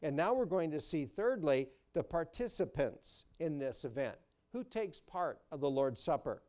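A man's voice: fairly high pitch, lively intonation, moderate pace, darkish tone. Folksy male pastor preaching. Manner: folksy, storytelling, repeats words. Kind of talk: sermon.

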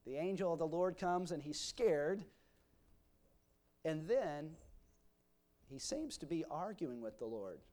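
Folksy preacher man with a fairly high voice. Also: expressive, takes it slowly, long pauses, a little mellow. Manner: folksy, explains scripture with homely examples; reads scripture aloud in King James wording. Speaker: pastor. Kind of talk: expository sermon.

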